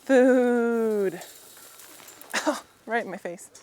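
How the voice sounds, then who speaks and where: A woman vlogging outdoors at a windy horse pen, talking gently and chattily to her horse and laughing often. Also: on the high side, very slow. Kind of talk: casual vlog narration while tending a horse.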